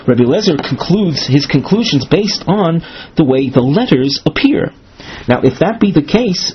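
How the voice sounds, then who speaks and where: Husky man teaching a Talmud lesson. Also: mid-range voice. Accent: Ashkenazi Hebrew pronunciation of Hebrew terms. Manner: measured, explanatory, with frequent restarts and uh's. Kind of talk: recorded Gemara lesson. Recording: dull lo-fi recording.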